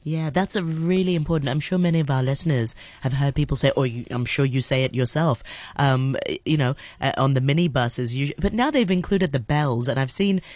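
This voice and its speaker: Low-voiced woman in casual chat. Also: fairly quick, darkish tone, no room sound. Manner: chatty, explains phrases with laughs. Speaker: co-host. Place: home.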